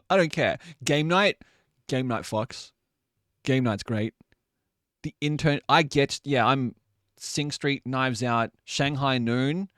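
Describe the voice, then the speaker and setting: A man's voice: mid-range voice, slow pace, long pauses, fairly bright tone, no room sound, clean studio sound. A man in his late twenties or thirties, a streamer chatting casually with his live chat and laughing often. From Australia.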